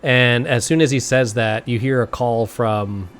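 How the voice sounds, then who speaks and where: A man's voice: medium pitch, unhurried, soft background music. A man running a tabletop game as game master, narrating and laughing often.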